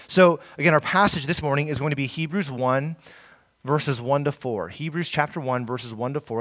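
A man's voice: fairly high pitch, a bit bright. A man preaching a sermon as pastor, earnest, with many fillers and restarts.

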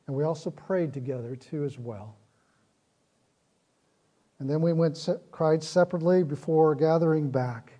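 A man's voice: a little high, moderate pace, long pauses, warm tone. A man preaching a sermon, earnest, with repeated phrases that build in intensity. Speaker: pastor.

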